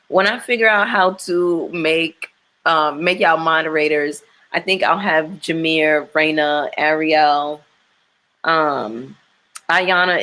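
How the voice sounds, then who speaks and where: A woman hosting a casual livestream, talking candidly to her viewers in a tired, emotional way and slipping into slang. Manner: gets loud and high-pitched when ranting. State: exhausted and emotional. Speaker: YouTube livestream host.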